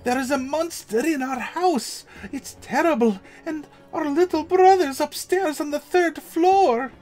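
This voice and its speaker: A man voicing a scared, creepy little girl who pleads for help in a high, trembling voice. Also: a little slow, a little mellow, soft background music. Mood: scared pleading. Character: frightened little girl, creepy older sister.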